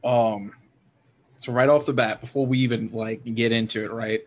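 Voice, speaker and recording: A man's voice: mid-range voice, steady tone, moderate pace. A man co-hosting a casual hockey podcast, rambling and swearing freely, laughing often. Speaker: podcast co-host.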